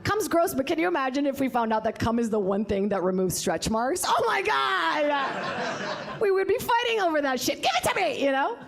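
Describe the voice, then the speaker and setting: A woman's voice: high-pitched, sing-song, moderate pace, vocal fry. A woman doing a stand-up comedy set, crude and playful, with some crowd work.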